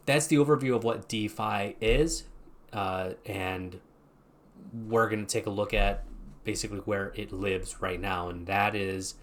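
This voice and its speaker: A man with a lowish voice talks through a screen-share explainer as the channel's host. He thinks aloud and wanders a little as he goes, keeping it relaxed and conversational. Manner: thinking aloud, loose and meandering.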